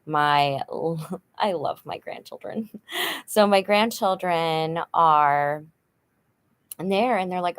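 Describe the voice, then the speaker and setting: Middle-aged woman venting in her vlog, lowish voice, lots of ums, tired and fed up. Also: takes it slowly, pauses often, clear, resonant tone. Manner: frank, rambling, with many fillers; frustrated and worn down. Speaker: vlogger. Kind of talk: candid personal vlog.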